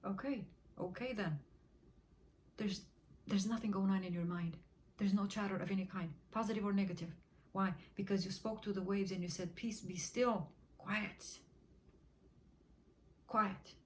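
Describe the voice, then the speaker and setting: Speaking at a measured pace with frequent pauses, a woman with a steady, medium-pitched voice teaches about manifesting money. She repeats affirmations like a rhythmic chant, sometimes lowering to a whisper during them, and a little hiss or hum sits under the recording.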